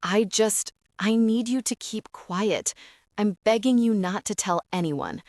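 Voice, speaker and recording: A woman's voice: medium pitch, a little slow, a little mellow, dry recording, studio quality, voice pushed up, lightly acted. A woman voicing a remorseful young man who begs desperately, in an audiobook reading. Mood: pleading.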